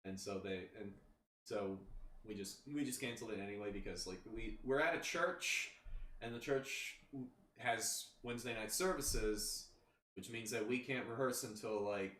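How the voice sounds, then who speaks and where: A man's voice: fairly low pitch, normal speed, a bit bright. A man chatting casually as a podcast host, telling a rambling story full of restarts and "you know". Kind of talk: casual chat. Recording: roomy, distant mic, faint background noise.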